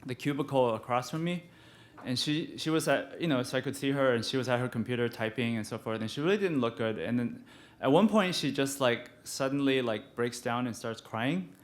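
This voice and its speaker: A man telling a personal story live, halting and restarting often, with frequent laughter in his voice. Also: mid-range voice.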